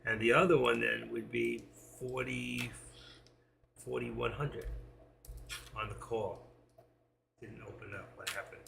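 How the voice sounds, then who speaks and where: Gravelly man talking through live trades. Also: medium pitch, level tone, unhurried, pauses often, background noise. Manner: thinking aloud, reading out prices. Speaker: stock trading streamer. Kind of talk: live trading commentary.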